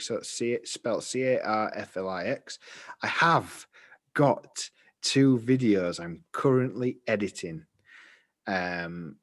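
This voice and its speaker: A man rambles happily through casual podcast chat. He drifts between thoughts and pokes fun at himself, in an everyday middle-pitched voice. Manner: rambling, chatty, self-deprecating. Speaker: podcast co-host.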